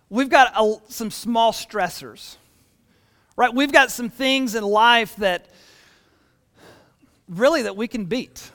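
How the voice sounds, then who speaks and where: A man in his thirties preaches a sermon, telling stories with a lively, restless delivery full of restarts. His voice sits high, and the church around him adds a long reverb tail. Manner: animated storytelling with repeated restarts. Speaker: pastor.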